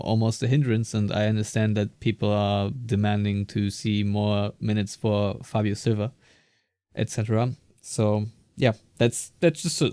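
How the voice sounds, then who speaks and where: A man's voice: on the low side, a little mellow, dry recording. A man co-hosting a podcast in casual discussion, talking hesitantly with many fillers and restarts. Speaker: podcast co-host.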